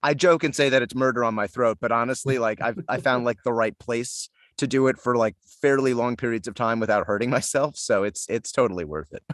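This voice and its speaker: A man's voice: mid-range voice, a little fast, few pauses, fairly bright tone, dry recording, clean studio sound. A man being interviewed as a voice actor, talking casually and self-deprecatingly with lots of fillers and restarts. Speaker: voice actor guest.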